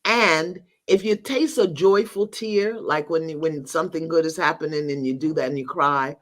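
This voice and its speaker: A woman's voice: low voice, moderate pace. An older woman, a guest teacher in a spiritual conversation, telling stories expressively, acting out bits of dialogue and laughing often.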